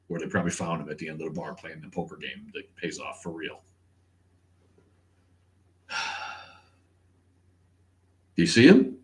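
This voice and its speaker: A man hosting a casual livestream chat, sarcastic and profane, who laughs often. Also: low-pitched. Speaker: podcast host.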